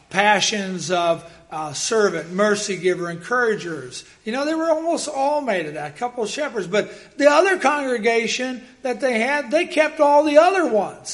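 A male pastor delivers a sermon, sharing personal stories with lively energy and breaking into loud, acted-out quotes. His voice sits high.

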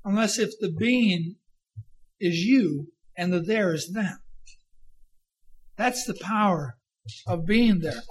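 Man, preacher, sermon, high voice, slow delivery, swings from loud emphasis to hushed quiet. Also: breathy edge, rough recording.

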